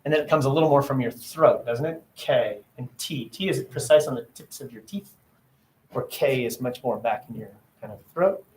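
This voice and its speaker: A man's voice: mid-range voice, lively intonation, moderate pace, a little mellow. A man teaching an English class, sounding out letters aloud and quizzing his students as he goes. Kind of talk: classroom lecture. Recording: roomy classroom echo.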